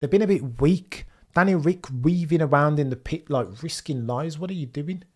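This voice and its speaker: Speaking at a normal speed in a fairly high voice, this livestream host runs a relaxed watchalong. His mild Birmingham accent comes through as he talks with his audience, voices their comments and adds dry little remarks.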